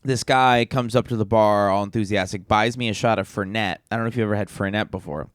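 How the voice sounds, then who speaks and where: A man's voice: lowish voice, fairly even intonation, fast talker, clear, resonant tone, no echo, clean studio sound. A man co-hosting a podcast, telling a long rambling bar story with lots of fillers and laughs. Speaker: podcast co-host. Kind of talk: casual storytelling chat.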